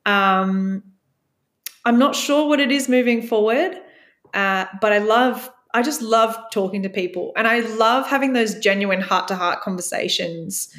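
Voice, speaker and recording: A woman guest telling a candid personal story, reflective and open, acting out her own past lines in a brighter voice. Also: mid-range voice, a little slow. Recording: echoey room.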